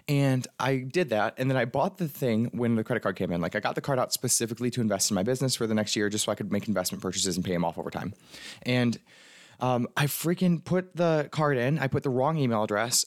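A man's voice: medium pitch, no echo, clean studio sound. A man, a life coach, telling a personal story in a casual, chatty way, full of fillers and retold inner thoughts. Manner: fast, chatty, filler-heavy, animated retelling.

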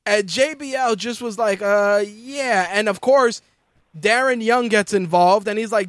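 A man hosting a casual wrestling and fight talk show, animated and profane, often mimicking the people he talks about. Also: sits high, a little slow, no echo. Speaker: podcast host.

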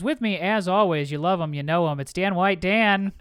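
Upbeat, smooth-voiced podcast host man. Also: high voice, normal speed, a bit bright, soft background music. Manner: upbeat, playful host patter. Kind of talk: casual comedy podcast chat.

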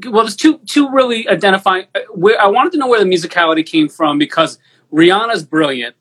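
A man's voice: sits high, a little fast, fairly bright tone, breathy edge. Talkative man, music producer host. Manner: talkative, swears casually, many restarts. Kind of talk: casual podcast chat.

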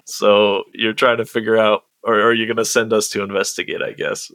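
Chatty man with a bright voice. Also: fairly low pitch, brisk, no room sound, clean studio sound. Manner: relaxed, chatty, lots of "like". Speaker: host and game master. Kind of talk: explaining a role-play game, casual.

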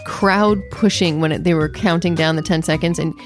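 A woman co-hosting a podcast, chatting in an animated, storytelling way. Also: low-pitched, normal speed, soft background music. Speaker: podcast co-host. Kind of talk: casual chat.

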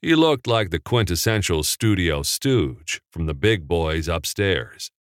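A man narrating a novel in a measured, unhurried storytelling manner. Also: low voice, big pitch swings, dry recording, studio quality. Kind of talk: audiobook narration.

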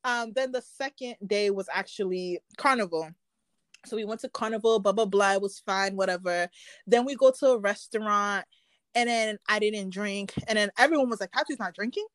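A woman's voice: mid-range voice, normal speed, a bit bright, no echo. A young woman co-hosting a casual podcast, telling a story with lots of acted-out quotes and casual swearing. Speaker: podcast co-host.

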